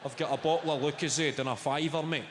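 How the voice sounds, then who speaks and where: In a very noisy, echoey theatre hall with loud audience laughter, a Scottish man does live stand-up and crowd work. He is sardonic and sweary, ribbing the audience, and his slightly high voice holds a steady tone at a quick pace.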